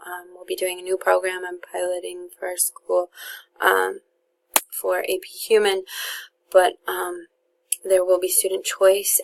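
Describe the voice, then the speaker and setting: A woman's voice: lowish voice, vocal fry. A young woman, a teacher casually introducing her course to students and parents, with lots of fillers and restarts.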